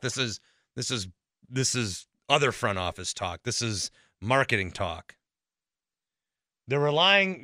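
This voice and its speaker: A man's voice: fairly high pitch, bright, forceful tone, no room sound, clean studio sound. A man hosting a sports podcast, ranting in an exasperated, rambling way and swearing often. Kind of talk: ranting monologue.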